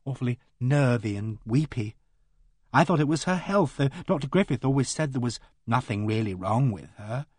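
A man's voice: mid-range voice, lively intonation, moderate pace, a little mellow, husky, dry recording, studio quality. A male reader voicing a kindly young woman who chatters earnestly and fusses over others.

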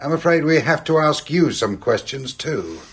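An actor playing a brisk, matter-of-fact police inspector in a radio drama. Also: male voice, fairly high pitch, animated, a bit bright, husky, full character voice. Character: brisk male Scotland Yard inspector. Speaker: police detective.

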